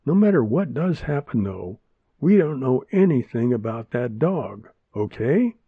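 A man voicing an anxious, gentle young woman in a dull lo-fi recording. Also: medium pitch, very animated, unhurried, breathy edge, dry recording, pitched above the performer's own voice, exaggerated voice. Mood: worried. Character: worried young woman, Maya.

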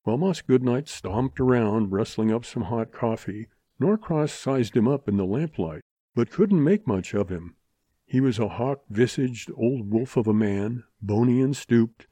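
A man narrating a western story in a steady audiobook reading. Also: medium pitch, unhurried, dry recording.

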